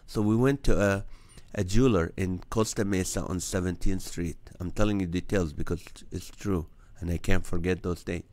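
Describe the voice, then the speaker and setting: A man's voice: low voice, steady tone, normal speed, few pauses, darkish tone. A man hosting his own live show, telling a personal story with earnest energy and acting out the dialogue. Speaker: comedian hosting a nightly live stream. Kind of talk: storytelling testimony to a live audience.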